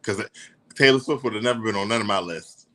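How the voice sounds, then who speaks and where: A man co-hosting a casual chat, sassy and profane in quick banter. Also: fairly low pitch, bright, forceful tone, slight background noise. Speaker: co-host.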